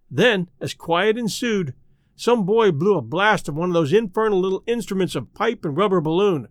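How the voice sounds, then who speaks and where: Male narrator, high and animated, dry close sound, expressive storybook reading. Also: no room sound. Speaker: audiobook narrator.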